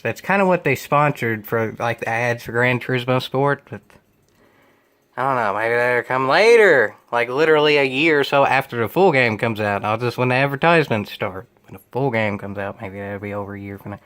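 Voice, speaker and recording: A man's voice: mid-range voice, moderate pace, a bit bright, clear, resonant tone. A young man reading a web page aloud and commenting on it in a sarcastic, exasperated, rambling way. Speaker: gaming video creator.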